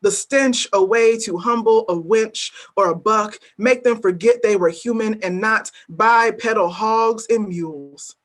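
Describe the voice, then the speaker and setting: Woman reading spoken-word poetry. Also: on the high side. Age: adult working as a teacher. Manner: measured, weighty delivery with pointed repetition. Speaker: poet at an open mic.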